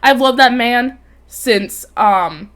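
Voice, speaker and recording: A young woman in her twenties hosting a podcast, telling a story in casual chat, animated, swearing freely and laughing often. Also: fairly high pitch, takes it slowly. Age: 20s. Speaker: podcast host. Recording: remote call, co-host audio cutting out.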